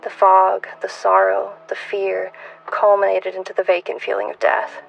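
A woman in her twenties reading her own fiction aloud in a measured, hushed way, at times dropping to a whisper. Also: medium pitch, completely flat delivery, gravelly, poor audio. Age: 20s. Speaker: author.

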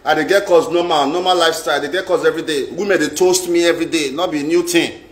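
A man's voice: on the high side, fairly even intonation, quick pace. Boastful Nigerian man ranting in an echoey room. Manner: dramatic, repetitive and boastful. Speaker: vlogger. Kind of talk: casual storytelling rant. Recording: roomy echo.

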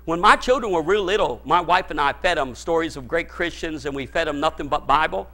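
A man preaching a sermon as pastor, speaking directly to his congregation and repeating his points with emphasis that builds to shouts. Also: fairly high pitch, a little fast. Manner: folksy, addresses the congregation directly.

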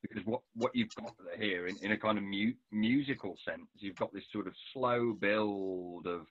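A man's voice: fairly low pitch, normal speed, no room sound. Thoughtful man on a dull dry line. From England. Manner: thoughtful, admiring, winding sentences. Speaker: author and interviewer. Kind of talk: casual literary discussion.

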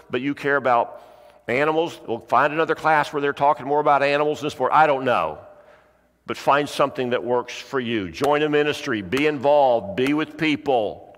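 A middle-aged man preaching a sermon, urging his listeners with repeated phrases and the odd clearing of his throat. His mid-pitched voice rings out in a church sanctuary with a long, trailing reverb. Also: a bit bright. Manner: earnest, repetitive exhortation with frequent throat clearing. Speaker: pastor.

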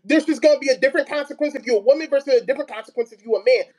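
A man in a live audio chat who argues back insistently with quick rebuttals. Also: very high voice, a little mellow. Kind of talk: rapid argumentative back-and-forth.

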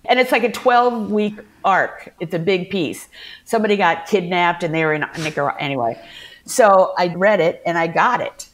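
Middle-aged woman guest, kinda low voice, animated storyteller, laughs a lot. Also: moderate pace. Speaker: guest actor. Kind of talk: casual storytelling interview.

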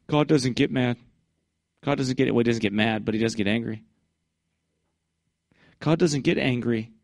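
Fiery man preaching, mid-pitched, bursts loud on scripture, dry close sound. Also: moderate pace, gravelly, no echo. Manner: fervent, swings to loud high-pitched bursts when reading scripture. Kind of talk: fiery Baptist sermon.

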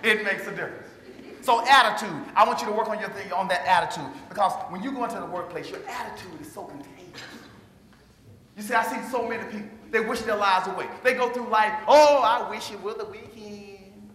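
A man giving a lively motivational speech to a live audience, drawing call-and-response from the crowd and acting out quoted voices. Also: high-pitched, fast. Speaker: motivational speaker. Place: large hall before an audience. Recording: echoey hall with long reverb.

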